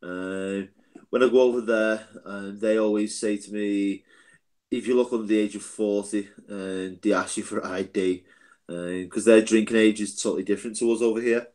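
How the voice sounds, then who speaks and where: A man's voice: lowish voice, steady tone, normal speed, a little mellow. Rambling man in his late twenties. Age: 20s. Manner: rambling, laughs between points. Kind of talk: casual group chat.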